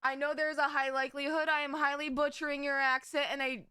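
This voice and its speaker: High bright-voiced girl streaming, giggly and rambly, dry close mic sound. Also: little pitch movement, quick pace, hardly any pauses, no room sound. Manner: rambling, giggly, restarts and self-corrections. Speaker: VTuber streamer. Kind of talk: casual live-stream chat.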